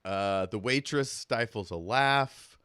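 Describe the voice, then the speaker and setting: A man's voice: fairly low pitch, takes it slowly, a bit bright, clear, resonant tone, dry recording, studio quality. A man narrating as keeper of a tabletop game, laid-back and rambling with fillers.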